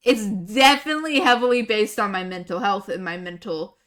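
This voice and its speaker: A young woman chats loosely with her stream audience, rambling from one thought to the next. Her voice is bright and forceful, with a middle pitch. She laughs often and swears casually. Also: normal speed. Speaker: livestreamer. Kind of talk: casual chat with viewers.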